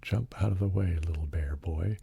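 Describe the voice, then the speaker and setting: A man voicing a kind big stranger bear in a storybook reading, soft and gravelly. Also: sits low, normal speed, full character voice. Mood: kindly.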